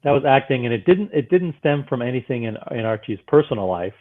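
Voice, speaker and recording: Guy on a tinny phone line, deadpan ironic commentary. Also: medium pitch, fast talker. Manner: mock-earnest, ironic. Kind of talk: commenting on a clip.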